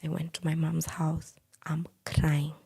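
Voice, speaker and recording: Husky, gravelly Kenyan woman storyteller. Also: sits low, little pitch movement, a little slow, dark tone. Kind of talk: personal storytelling.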